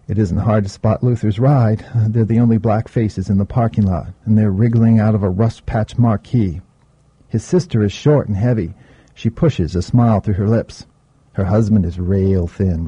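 A man reading an audiobook in the first person, with a dark, mellow voice and a husky texture. The sound is dry, with no room around it. The audio is dull and lo-fi. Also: low voice, no echo. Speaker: narrator. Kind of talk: audiobook narration.

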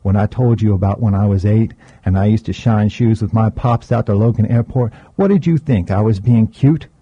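A graying streetwise older man, voiced by a male reader, with a low, dark voice and a husky edge. He talks in a laid-back drawl, easygoing and teasing, and the audio sounds dull and lo-fi. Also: moderate pace, dry recording. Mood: wry.

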